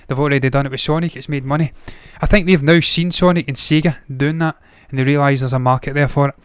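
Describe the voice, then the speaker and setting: A man's voice: a little high, fairly even intonation, fast talker, smooth, no echo, studio quality. A man hosting a movie news show, talking casually with blunt, profane opinions and frequent tangents. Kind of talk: casual solo commentary.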